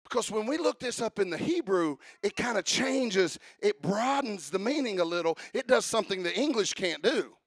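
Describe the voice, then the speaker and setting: High, gravelly preacher man shouting. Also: lively intonation, normal speed, few pauses, no echo, clean studio sound. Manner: fervent, rhythmic preaching with shouted call-outs and sung refrains. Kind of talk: sermon.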